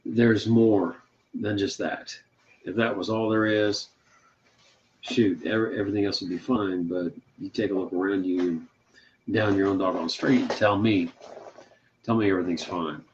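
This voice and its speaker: A man's voice: lowish voice, steady tone, moderate pace, slight background noise. A man co-hosting a podcast, sharing a faith testimony in a folksy, emphatic, rambling way. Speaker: podcast co-host. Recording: slightly muffled audio.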